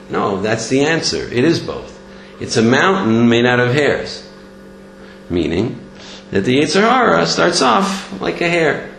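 A gravelly mid-range voice belongs to a Torah teacher giving a lesson full of stories. He's lively, acting out each voice, and the recording has an echoey room with a faint hum.

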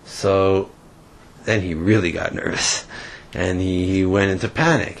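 A man giving a casual Torah lesson, telling a story in a halting way with many fillers and restarts. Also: low voice, fairly even intonation, a little hiss or hum. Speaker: Torah teacher.

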